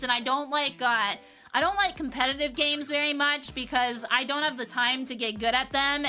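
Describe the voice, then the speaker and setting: A young woman streamer with a high, bright voice. She chats casually with her viewers, swears freely, reads their messages aloud and answers them with lots of energy. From Upper Peninsula of Michigan, US. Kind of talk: casual livestream chat with viewers.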